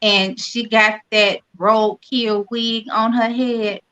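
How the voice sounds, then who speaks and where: A woman's voice: fairly high pitch, level tone, takes it slowly, sharp tone, clean tone, poor audio. A woman joking bluntly and laughing in a casual group chat.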